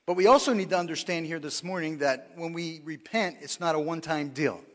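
A man's voice: a little high, a little fast, long reverb tail. A pastor preaching a sermon in a conversational way, often asking the congregation for responses and laughing at his own lines. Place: church sanctuary.

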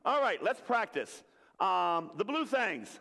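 A man gives a jokey, interactive sermon and gets the congregation to chant along. His voice sits a little high for a man. It rings out with the long reverb of a big hall. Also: big pitch swings, takes it slowly, vocal fry, bright, forceful tone. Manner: jokey, leads the crowd in call-and-response. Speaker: preacher. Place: church hall with an audience.

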